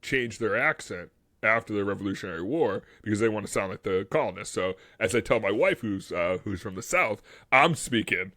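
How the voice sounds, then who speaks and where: A man with a Boston accent, co-hosting a podcast in casual, animated chat and laughing often. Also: on the low side, fairly quick, no echo, clean studio sound. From Massachusetts. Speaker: podcast co-host.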